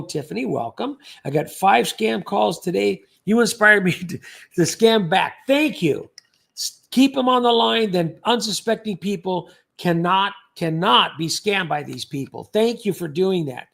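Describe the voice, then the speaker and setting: A man's voice: sits high, gravelly, fairly bright tone, breathy edge. A man hosting a casual livestream, rambling and joking as he reads out viewer comments and thanks people by name.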